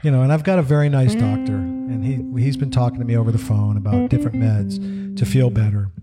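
A man's voice: medium pitch, fast talker. A middle-aged man telling a rambling, comic family story in casual chat, swearing and acting out the voices of the people he quotes. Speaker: podcast co-host. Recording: loud music bed under the voices.

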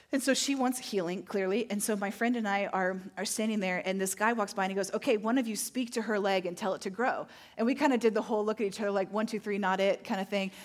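Animated woman preaching a sermon. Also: medium pitch. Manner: animated storytelling, acting out moments; slow emphatic phrasing on key points. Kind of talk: sermon with personal storytelling.

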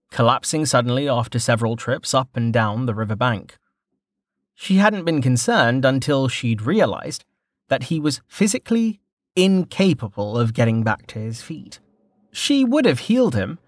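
A man narrating a fantasy novel in an expressive, varied storytelling manner. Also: medium pitch, dry recording, clean studio sound. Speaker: audiobook narrator.

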